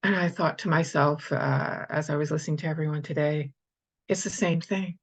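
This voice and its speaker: A woman sharing in a group circle, grateful and halting, with many fillers. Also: low-pitched, steady tone, breathy edge. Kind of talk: personal share in a group circle.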